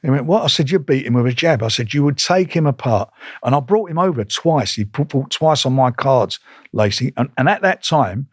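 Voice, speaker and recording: Older man, blunt and lively storyteller, mid-pitched voice, dry close sound. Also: moderate pace, dry recording. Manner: blunt, animated, re-enacts conversations in quotes. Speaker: boxing promoter, guest. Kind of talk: casual interview storytelling.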